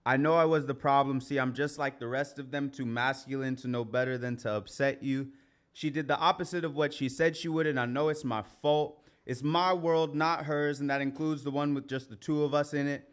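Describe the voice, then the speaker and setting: A man performing a confessional spoken-word poem at an open mic, in a measured delivery. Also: a little high, a bit bright. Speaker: performing poet. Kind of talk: spoken-word poetry recital. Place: community center stage.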